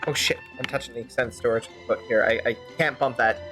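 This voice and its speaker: A woman's voice: extremely low pitch, fairly even intonation, a little fast, music in the background. A woman streamer giving casual, joking commentary while playing and fan-dubbing a game. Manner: joking, rambling asides.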